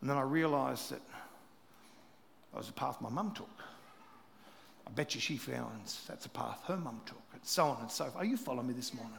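A middle-aged man preaching a sermon as pastor, telling stories with animated delivery that swings between loud and hushed. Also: medium pitch, fairly quick, gravelly, long pauses, a little hiss or hum. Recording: reverberant hall.

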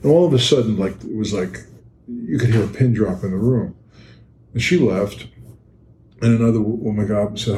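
An older man, a podcast guest, telling a story in an animated, emphatic way. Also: lowish voice, a little fast, long pauses. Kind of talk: storytelling interview. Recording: roomy with faint noise.

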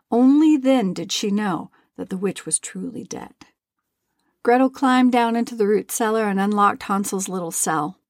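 Gravelly woman reading a fairy tale. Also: mid-range voice, no echo, studio quality. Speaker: storyteller. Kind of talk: storybook narration.

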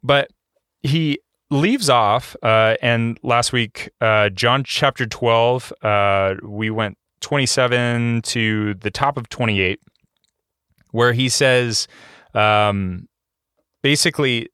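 A man's voice: medium pitch, a little slow, fairly bright tone, clean tone, no room sound, studio quality. A man pastor giving a conversational sermon, reading scripture and explaining it with many fillers and restarts.

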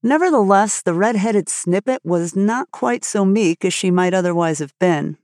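A woman narrating a classic story as an audiobook podcast host, reading in a measured, expressive way. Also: mid-range voice, no echo, clean studio sound.

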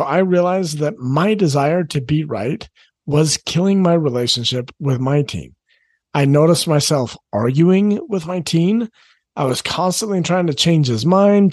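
Earnest middle aged guy giving parenting advice, kinda high voice, dead dry room. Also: a little mellow, dry recording. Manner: earnest, conversational, repeats key phrases. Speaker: parenting coach. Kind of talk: direct-to-camera advice talk.

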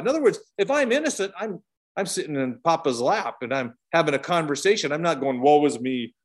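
A middle-aged man teaching an informal Bible study, swinging between emphatic high bursts and soft low asides.

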